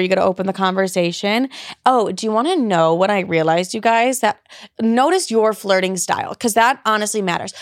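A woman's voice: medium pitch, no room sound. Young female podcast host, brash and talkative, mid-range voice, dry close recording. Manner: blunt, swears a lot, chatty and animated. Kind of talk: casual dating advice monologue.

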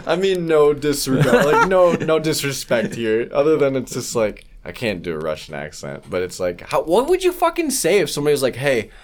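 A man co-hosting a casual podcast, talking in a lively, joking way and swearing freely. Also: mid-range voice, a little fast, hardly any pauses, a little hiss or hum. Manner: lively, swearing, laughing often, animated storytelling. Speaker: podcast co-host. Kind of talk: casual chat.

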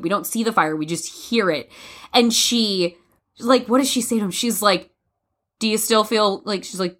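A woman co-hosting a film talk show in a loose, conversational way. Her voice leaps high and drops low whenever she acts out lines from a scene. She sounds lively and expressive throughout. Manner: animated, acts out quoted lines with big pitch swings. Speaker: podcast co-host. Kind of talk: casual film discussion.

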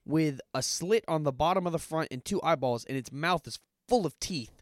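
Slightly high-voiced, blunt, cursing podcast guy. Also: normal speed, dry recording, clean studio sound. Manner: blunt, casual, swears freely. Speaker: podcast co-host. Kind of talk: casual movie recap chat.

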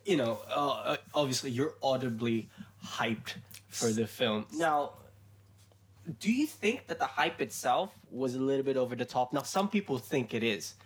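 A man hosting a casual podcast discussion, asking questions in a halting way with lots of fillers and restarts. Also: medium pitch, lively intonation. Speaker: podcast host.

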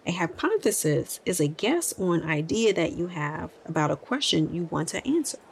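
A woman's voice: lowish voice, big pitch swings, moderate pace, vocal fry, slight background noise. A woman voicing a kindly, helpful female librarian in a children's story, patiently explaining things.

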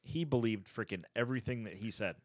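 A man co-hosting a casual podcast chat, retelling favorite comedy scenes and acting out the characters' lines with big pitch jumps and laughs. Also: fast talker, no room sound. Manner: animated, acts out quotes with pitch jumps and laughs. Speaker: podcast co-host. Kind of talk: casual chat, ranking favorite sitcom moments.

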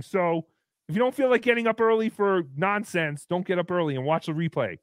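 A man hosting a comedy livestream, reading out viewer messages in a goofy, mocking way and jumping into loud cheers. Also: high voice, brisk, no room sound, studio quality. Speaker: livestream host. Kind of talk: casual comedy livestream chat.

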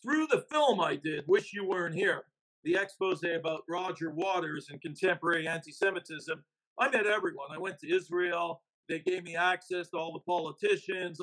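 A man's voice: high-pitched, moderate pace, fairly bright tone, low-quality recording. A man, an investigative reporter and author, talking emphatically as a podcast guest. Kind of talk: casual podcast interview.

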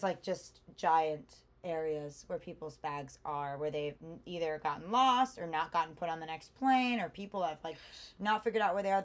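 A young woman co-hosting a casual chat, telling a long story with lots of fillers. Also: low voice. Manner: chatty storyteller, animated with many fillers. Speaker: podcast co-host.

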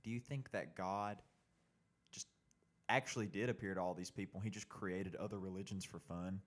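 A young man co-hosting a podcast in casual chat, playful and excitable, often saying "dude". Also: low-pitched, normal speed. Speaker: podcast co-host.

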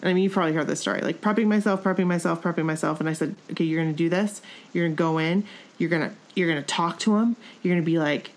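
A woman's voice: low voice, very fast. A woman hosts a casual chat. She tells her story in a rambling, flustered way, tripping over her words.

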